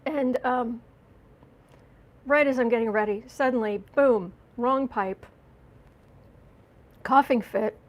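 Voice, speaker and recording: Female host, American, rambling live-stream chat, slightly high voice, congested, frequent throat clearing. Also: slow pace, long pauses, rough recording. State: runny nose and watery eyes after a coughing fit. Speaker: astrology and tarot channel host.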